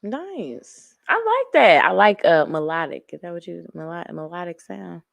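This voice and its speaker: A woman hosting a podcast interview, expressive and affirming as she chats with her guest. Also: a little slow, gravelly, no echo. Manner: expressive, affirming, swooping pitch. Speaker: podcast host. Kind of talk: casual interview chat.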